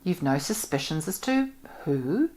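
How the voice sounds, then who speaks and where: A woman's voice: deep voice, sing-song, a little slow, a little mellow. A woman reading aloud and voicing a wry, exasperated young man with a dry, sardonic way of talking. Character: wry, exasperated young male war veteran.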